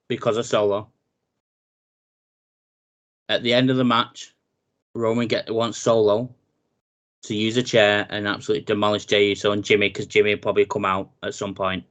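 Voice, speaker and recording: A lower-voiced man co-hosting a laid-back wrestling podcast. He talks through the upcoming matches in an animated, joking way. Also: moderate pace, long pauses. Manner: animated, jokey, runs through the match card. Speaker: podcast co-host. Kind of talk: casual wrestling chat.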